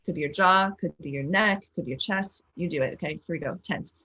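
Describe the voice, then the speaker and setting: A woman's voice: on the low side, brisk, bright, forceful tone, slightly rough, highs cut off. A woman parenting coach giving a live online talk, encouraging listeners and walking them through exercises. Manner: frequent checking "okay?" and "right?".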